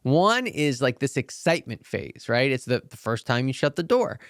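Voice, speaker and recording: A man's voice: mid-range voice, big pitch swings, normal speed, dry recording, studio quality. A man hosting a podcast and acting as a coach, telling a story and giving motivational advice in an enthusiastic way.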